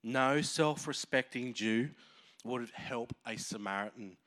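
Man preaching, pastor, emotional, animated, acts out voices, mid-pitched voice. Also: slow pace. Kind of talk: sermon.

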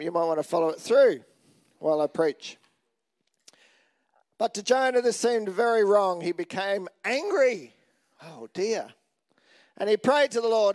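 A man preaching a sermon in a chatty, joking way, asking the congregation questions as he goes. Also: high-pitched. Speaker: pastor.

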